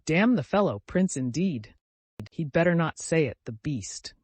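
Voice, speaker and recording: A man's voice: on the high side, expressive, a little slow, breathy edge, no room sound. A man doing a blustering drunk nobleman. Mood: indignant. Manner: blustering, indignant. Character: angry drunken male nobleman, cursing.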